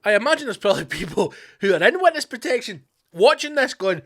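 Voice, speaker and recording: A Scottish man rants with heavy swearing and dry sarcasm as he hosts his own show. His voice sits a bit higher than most men's. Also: sing-song, fast, hardly any pauses, fairly bright tone. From Scotland. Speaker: podcast host. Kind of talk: profane comedic rant.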